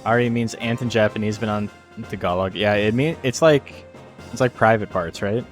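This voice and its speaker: A man's voice: fairly low pitch, normal speed. A man hosting a live stream of a game tournament. He rambles casually, jokes and swears freely between calls of the action. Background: faint background music.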